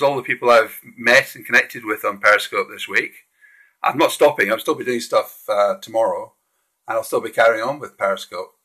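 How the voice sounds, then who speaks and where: A man with a bright, forceful, mid-range voice hosts a casual live stream. He walks through slides in a friendly but hesitant manner, restarting often.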